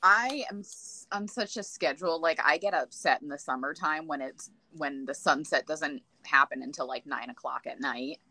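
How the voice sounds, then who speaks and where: A woman's voice: low-pitched, moderate pace, few pauses, pushed and bright, dry recording, low-quality recording. A woman with a Boston accent hosting a casual livestream chat, blunt and joking with plenty of swearing. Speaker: livestream host.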